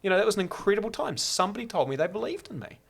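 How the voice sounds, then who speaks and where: A New man chatting as a podcast guest, animated and storytelling, often acting out what others said. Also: high voice, very fast, creaky, husky. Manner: animated, acts out quotes, lots of restarts. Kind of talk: casual storytelling chat. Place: studio in a computer store.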